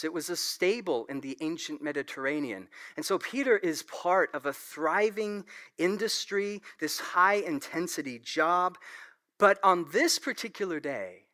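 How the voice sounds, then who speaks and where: A man preaching a sermon as a pastor, telling stories in an animated way with quick laughs and asides to the congregation. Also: fairly high pitch. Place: church sanctuary.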